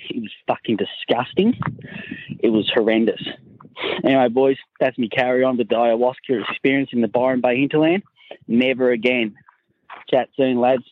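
A man's voice: medium pitch, fairly even intonation, moderate pace. Australian man, crude laid-back storyteller, dull lo-fi voice message. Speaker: caller sending in a voice message. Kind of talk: rambling anecdote.

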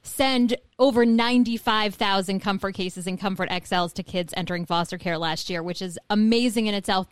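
A woman's voice: medium pitch, no room sound. Earnest woman co-host, dry sound. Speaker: co-host at a charity. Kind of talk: casual talk show chat.

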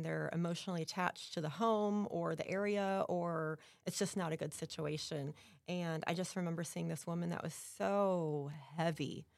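A middle-aged woman speaks in a low, gravelly voice, earnest and full of feeling as she tells her stories. She talks in a loose, casual way with plenty of fillers. The sound is dry and close, with no room around it. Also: no echo. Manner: earnest, emotional storytelling with frequent fillers. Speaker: guest, realtor and home stager. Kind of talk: casual interview chat.

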